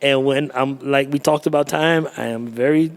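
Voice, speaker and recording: A man, a photographer telling stories in a casual podcast chat, lively and quick to laugh. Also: medium pitch. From Bahamas. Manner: animated storyteller with a gravelly voice and frequent laughter.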